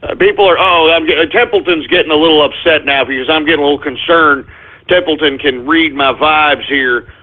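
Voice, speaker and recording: A man's voice: a little high, a little fast. A male radio host ranting live, agitated and cursing, with many fillers and restarts. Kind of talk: live call-in radio rant. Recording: tinny phone line.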